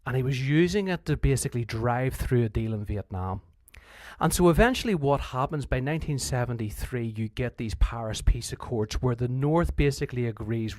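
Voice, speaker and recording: A man's voice: medium pitch, expressive, normal speed, darkish tone, no room sound. A man with a Northern Irish accent, a history teacher giving a conversational revision lecture who often restarts his sentences and acts out quotes.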